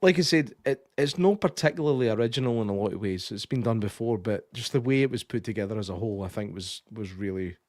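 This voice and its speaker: A young Scottish man co-hosting a podcast, chatting casually about a film, sweary and animated, often slipping into impressions. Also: fairly low pitch, fast, hardly any pauses, no room sound, studio quality. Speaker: podcast co-host. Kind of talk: casual film review chat.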